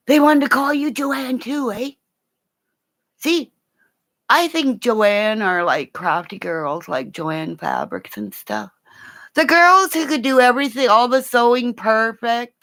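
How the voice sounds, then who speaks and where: A middle-aged woman chatting casually with her live viewers, excitable, gasping and laughing often. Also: mid-range voice, takes it slowly. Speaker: livestream host. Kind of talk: casual live-chat stream.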